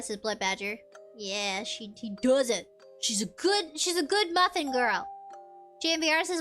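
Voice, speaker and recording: A woman's voice: high voice, expressive, normal speed, fairly bright tone, faint music behind. A young woman streaming a game, chatting casually and giggling as she reads chat aloud.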